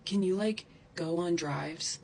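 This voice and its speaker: A woman vents straight into the camera, heated and profane, her complaints spilling out in rambling asides. Her voice carries a rough, creaky texture. A faint hiss of noise sits under the recording. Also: fairly low pitch, slow, darkish tone, poor audio. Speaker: social media creator. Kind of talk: angry direct-to-camera rant.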